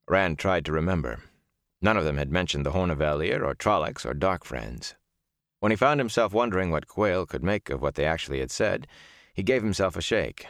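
A man narrating an audiobook chapter in an expressive storytelling manner. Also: deep voice, a little fast, no echo, clean studio sound. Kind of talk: scripted narration.

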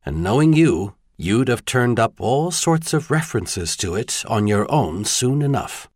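A man's voice: mid-range voice, sing-song, unhurried, no room sound, studio quality. A man voicing a tall, kindly advisor in an audiobook, earnest and lightly wry. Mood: teasing.

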